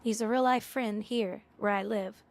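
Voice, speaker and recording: A woman's voice: medium pitch, steady tone, moderate pace. A woman game streamer talking casually to her chat, bluntly scolding viewers and swearing now and then.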